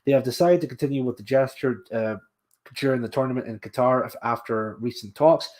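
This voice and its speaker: A man's voice: mid-range voice, brisk, a little mellow. A man hosting a casual livestream, talking in a rambling way, repeating himself and making scornful asides. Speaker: livestream host.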